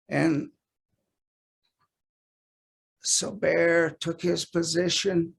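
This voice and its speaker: A man telling a traditional folk tale in a gentle, unhurried way with many "uh" pauses, recorded on a webcam during a video call. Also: a little high, flat delivery, creaky, husky. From United States. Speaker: storyteller. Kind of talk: traditional oral storytelling.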